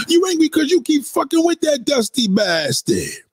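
A man delivering a profane, angry rant, repeating himself and sometimes shouting. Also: very high voice, wildly swooping pitch, normal speed, background noise. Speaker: online commentator. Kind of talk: profane ranting monologue.

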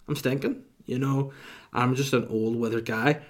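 A man's voice: mid-range voice, steady tone, moderate pace. A man, rambling through a casual solo podcast monologue with crude, self-mocking humor. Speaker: podcast host.

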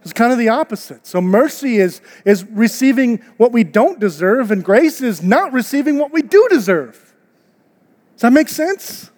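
A man's voice: very high-pitched, sing-song, moderate pace, darkish tone. A man preaching a sermon to his church in an earnest, conversational way, asking his listeners rhetorical questions. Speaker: pastor. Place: church auditorium. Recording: long hall reverb.

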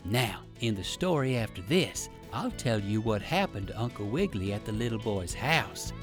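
Man reading a children's story, lively. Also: fairly low pitch, moderate pace, music in the background. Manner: lively, sing-song storytelling. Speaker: audiobook reader.

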